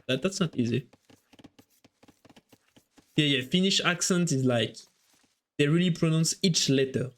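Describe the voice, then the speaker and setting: Male esports caster, French accent, lightly raised voice, casual live-stream chatter. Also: a little high. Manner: chatty, thinks aloud, quick reactions to the match. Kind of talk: live game commentary while chatting with viewers.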